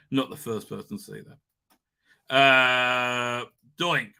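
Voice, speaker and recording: A man hosting a live stream, talking in a rambling, animated way, swearing and laughing often. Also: medium pitch, slow pace, vocal fry, clean tone. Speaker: livestream host. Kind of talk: casual live-stream chat.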